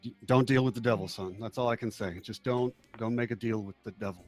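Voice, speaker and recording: Guy doing a fired-up small-town preacher man, earnest, booming, kinda high. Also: fairly quick, a little mellow, soft background music, close to an everyday voice. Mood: urgent. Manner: fervent, booming sermon cadence.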